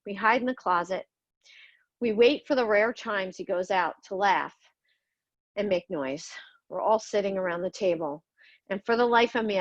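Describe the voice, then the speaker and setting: A woman's voice: mid-range voice, no room sound, muffled recording. A middle-aged woman narrating her own life story in a somber, confessional way, blunt and sometimes swearing. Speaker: podcast host telling her own story. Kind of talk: personal memoir narration.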